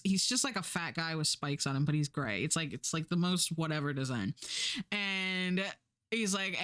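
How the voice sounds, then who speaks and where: A woman's voice: on the low side, fairly bright tone. A woman streamer chatting casually and profanely, rambling with many fillers and acting out quoted characters.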